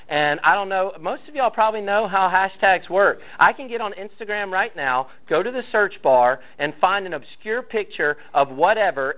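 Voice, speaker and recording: A man leading a church parenting class, talking casually to parents and telling stories with acted-out quotes. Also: high-pitched. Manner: conversational, storytelling, acts out quotes. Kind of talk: casual teaching talk to parents. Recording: tinny phone-like sound.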